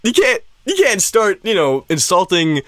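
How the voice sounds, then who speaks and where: A man's voice: sits high, huge pitch swings, measured pace, background noise. A young man co-hosting a casual chat, laughing often and acting out quoted lines in swearing banter. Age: young adult. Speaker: podcast co-host.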